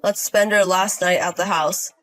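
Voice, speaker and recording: A woman voicing an easygoing, dim young husband in a storybook, in a lowered voice. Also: fairly even intonation, moderate pace, a bit bright, natural voice.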